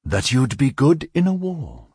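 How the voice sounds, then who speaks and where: A man's voice: medium pitch, huge pitch swings, measured pace, gravelly, darkish tone, slightly rough, dry recording, clean studio sound, voice pushed up, heavily acted. A man voicing a sad, knowing fortune-teller woman. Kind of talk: audiobook character voice.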